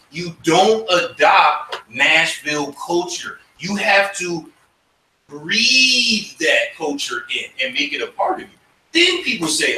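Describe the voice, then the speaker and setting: A man's voice: a little high, pushed and bright, slight background noise. A man teaching a church Bible class, acting out voices of kids and parents. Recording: roomy, from far off, faint ambience.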